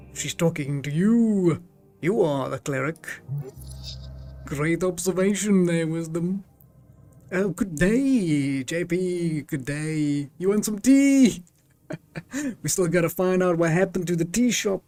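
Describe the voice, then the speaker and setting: A man hosting a live game stream in a slightly high voice. He talks slowly and easily, breaking into laughter between lines of the game's text. Faint music runs behind him. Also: darkish tone. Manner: chatty and giggly, laughs often.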